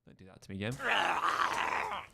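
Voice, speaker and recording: Lively, sweary English streamer. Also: male voice, mid-range voice, moderate pace, very noisy. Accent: neutral English. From English Midlands. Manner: sweary, joking banter with chat. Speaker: game streamer. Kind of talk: casual live-stream chat while gaming.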